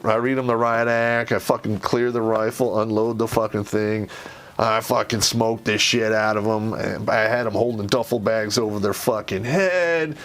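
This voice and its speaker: A man's voice: medium pitch, fairly bright tone. A middle-aged American man telling old army stories in a casual monologue, blunt and profane, rambling with frequent restarts.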